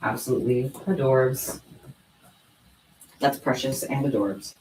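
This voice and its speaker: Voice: medium pitch, unhurried, a little mellow, slight background noise. A young adult craft vlogger chatting casually at home and cooing in baby talk to pet cats. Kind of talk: casual chat while crafting. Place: home room. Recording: roomy sound from a distant mic.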